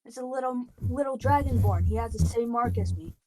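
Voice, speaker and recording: A woman's voice: fairly high pitch, animated, a little fast, mellow, slight background noise. A woman playing her character in a tabletop game, sounding earnest and grateful. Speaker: player. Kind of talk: in-character tabletop role-play.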